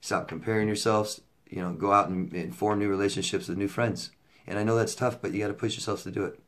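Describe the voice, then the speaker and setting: A man's voice: lowish voice, steady tone, fast talker. A middle-aged man coaching viewers in a casual advice monologue, blunt and repetitive, swearing when riled up. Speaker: relationship coach answering viewer questions.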